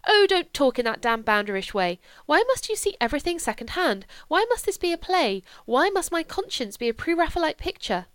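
Woman doing a volatile, high-strung young woman. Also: sing-song, moderate pace, no room sound. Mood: angry. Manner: high, sharp and pleading outbursts. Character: moody, volatile young woman, tired and tearful.

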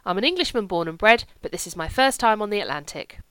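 A woman's voice: medium pitch, animated, quick pace, fairly bright tone, clean tone, no echo, lightly acted. A woman playing a cheeky, furtive little Englishman. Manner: cheeky, chummy working-class banter. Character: furtive, giggly little red-headed Englishman.

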